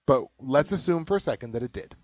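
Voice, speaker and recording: A man's voice: mid-range voice, animated, fast talker, no echo. A man co-hosting a podcast in casual chat, rambling, swearing and joking. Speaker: podcast co-host. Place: home basement.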